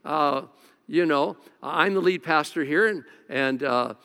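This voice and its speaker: A man's voice: fairly high pitch, a little slow, vocal fry, pushed and bright, clear, resonant tone. A man who is a lead pastor preaching in a casual, joking way, often restarting his phrases, in a church. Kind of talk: conversational sermon. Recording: long reverb of a large hall.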